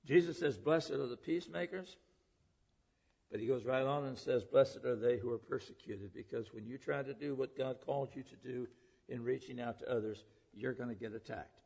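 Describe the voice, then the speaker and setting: A man with a gravelly, husky voice preaches a sermon in earnest and keeps turning to the listeners with questions. The sound is dull and lo-fi, and his words ring on with a long reverb as if in a large hall. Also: mid-range voice, normal speed, mellow. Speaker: preacher and public school teacher.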